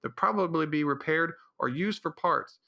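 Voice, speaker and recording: A man's voice: a little high, moderate pace, vocal fry, dull audio. A man hosting his own podcast, rambling through his opinions in an offhand ranting way, with frequent restarts. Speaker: podcast host. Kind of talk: casual solo podcast monologue.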